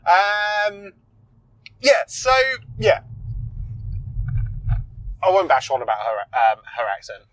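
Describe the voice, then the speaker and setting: A tired man co-hosting a podcast, relaxed and agreeable as they talk about a film. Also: high-pitched, takes it slowly, pauses often, rough recording. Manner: relaxed, agreeable, often backs up his co-host. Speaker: podcast co-host. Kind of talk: casual film review chat. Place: inside a car.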